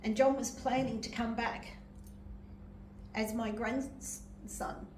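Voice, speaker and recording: A woman's voice: on the high side, steady tone, slow pace, slight background noise. Older woman preaching in an echoing hall. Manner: gentle, emotional, laughs often. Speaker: medium and reverend. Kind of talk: sermon with personal testimony. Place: church hall. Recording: echoey hall from far off.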